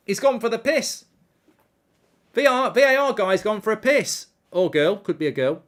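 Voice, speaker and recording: A man's voice: high voice, moderate pace. Indignant man hosting a football watchalong. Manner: animated, indignant rants, reads viewer comments aloud. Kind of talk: live football watchalong commentary, reading chat.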